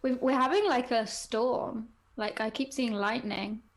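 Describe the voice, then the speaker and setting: Chatty woman, relaxed. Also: on the high side, unhurried. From England. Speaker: podcast co-host. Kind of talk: casual chat.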